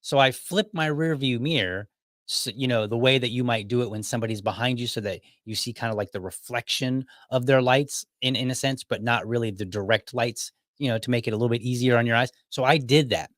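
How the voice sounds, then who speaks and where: Man, podcast host, casual monologue, wry storytelling, mid-pitched voice, dry close sound. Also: fairly quick, a bit bright, no room sound.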